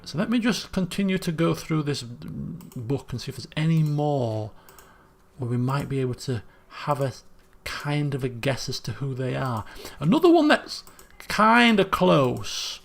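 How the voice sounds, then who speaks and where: A man's voice: medium pitch, animated, unhurried, gravelly, faint music behind. Man muttering over a puzzle game. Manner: thinking aloud, muttering guesses. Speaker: game streamer. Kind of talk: casual gameplay commentary.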